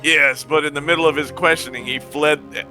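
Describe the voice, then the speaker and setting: A man's voice: on the high side, steady tone, moderate pace, pushed and bright, faint music behind. A man reading a blunt, earnest police detective. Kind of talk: reading game dialogue aloud.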